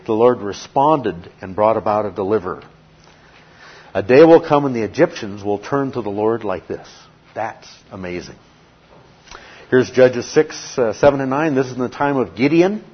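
A man's voice: mid-range voice, breathy edge. A man preaching a verse-by-verse sermon as a Bible teacher, emphatic, reading scripture and asking and answering his own questions. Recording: dull lo-fi recording.

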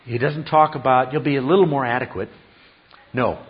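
A man's voice: medium pitch, brisk, muffled recording. A man preaching a sermon, stressing his points through repetition and questions to the congregation. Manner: emphatic, repeats key phrases, asks the congregation questions. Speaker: pastor.

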